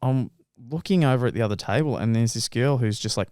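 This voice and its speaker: Young man, casual podcast chat, lively mid-pitched voice, dry room. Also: fast, clear, resonant tone, dry recording. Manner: storytelling, swears, mimics voices. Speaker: podcast co-host.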